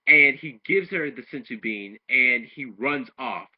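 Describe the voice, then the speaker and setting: A man with a mid-range, slightly rough voice speaks a little slowly but with lively intonation. He's giving a casual anime episode recap and review, wandering through the plot with restarts and voicing the quoted lines, recorded at home in dull lo-fi quality.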